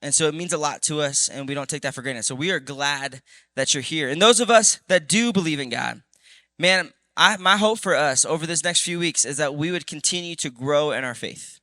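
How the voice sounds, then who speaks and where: A man preaching to a youth group, telling a story with lively, animated asides to the crowd. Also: a little high, a little fast, dry recording. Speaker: youth pastor. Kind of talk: sermon. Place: church youth service.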